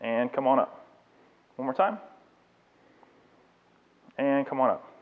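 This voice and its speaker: A man's voice: mid-range voice, lively intonation, slow. A man who is a fitness trainer, giving a live demonstration lecture and coaching a client through exercises. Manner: coaching instructions, encouraging and explanatory. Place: fitness studio. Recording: tinny phone-like sound.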